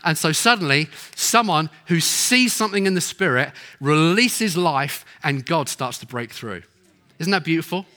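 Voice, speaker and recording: A man's voice: a little high, expressive, moderate pace, pushed and bright. A middle-aged man preaching a sermon, telling stories and acting out the people in them. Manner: storytelling, acts out quoted voices.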